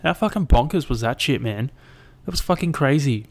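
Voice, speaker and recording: Young aussie bloke rambling to his mic, swears heaps, mid-pitched voice. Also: moderate pace. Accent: Australian. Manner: rambling, swears a lot, animated retelling. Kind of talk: casual solo chat.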